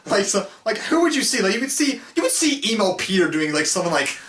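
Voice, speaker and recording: A man's voice: high-pitched, sing-song, quick pace, background noise. A man hosting a casual film review show, rambling with lots of fillers and restarts and laughing often. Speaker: host reviewing films. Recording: echoey, distant mic.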